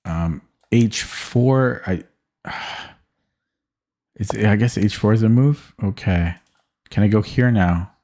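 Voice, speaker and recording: A man's voice: lowish voice, slow, long pauses, mellow. A man streaming a chess game, thinking aloud hesitantly and often stammering or repeating words. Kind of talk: live-stream chess commentary.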